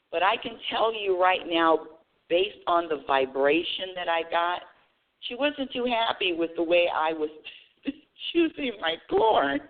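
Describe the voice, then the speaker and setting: A woman hosting a live talk radio show, telling a story in a chatty way. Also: fairly low pitch. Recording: tinny phone line.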